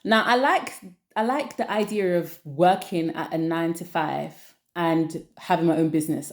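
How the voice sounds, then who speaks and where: A woman's voice: lowish voice, darkish tone. A woman chatting casually to camera as a vlogger, rambling and repeating phrases for emphasis. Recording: roomy echo.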